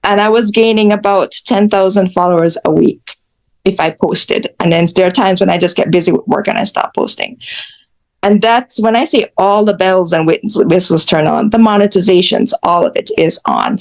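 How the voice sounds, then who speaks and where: Blunt woman from Jamaica, content creator in interview, wry and candid. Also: medium pitch. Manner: blunt, self-mocking, acts out quoted voices. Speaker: guest, social media creator.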